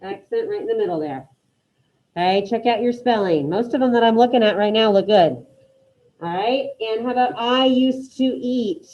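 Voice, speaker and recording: A woman leads an online Spanish lesson with a mellow, warm tone. She encourages her students and calls on them one by one. Her voice comes through slightly muffled video-call audio. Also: mid-range voice, brisk. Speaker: Spanish teacher. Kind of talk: online class teaching.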